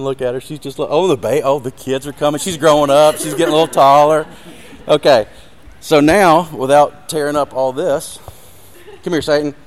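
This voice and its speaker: A man's voice: medium pitch, a little mellow. A man giving an earnest sermon with a live demonstration, speaking directly to his audience and growing emotional. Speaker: ministry speaker.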